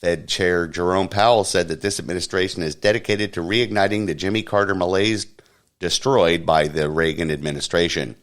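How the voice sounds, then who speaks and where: A man hosting a podcast, reading a satirical news roundup in a deadpan newsreader manner. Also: low-pitched, moderate pace. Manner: deadpan mock newsreader, puts on silly voices for quotes. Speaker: podcast host.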